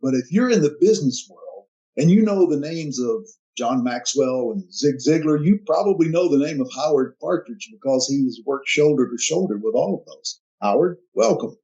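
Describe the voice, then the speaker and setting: A man's voice: a little high, expressive, normal speed, warm tone. A man hosting a business podcast, introducing his guest and prompting him in a friendly way. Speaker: podcast host. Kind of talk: interview hosting. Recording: dull lo-fi sound.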